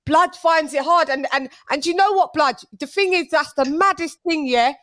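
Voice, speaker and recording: A woman's voice: high voice, normal speed, a bit bright, no room sound, clean studio sound. A woman hosting a call-in boxing show, talking emphatically in slang and repeating her points for effect. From England. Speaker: host.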